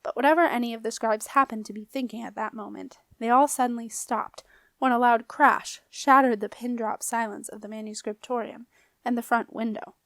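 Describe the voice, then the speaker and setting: A woman's voice: a little high, brisk, no room sound. Woman reading a storybook aloud. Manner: clear and expressive. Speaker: audiobook reader. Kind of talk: storybook narration.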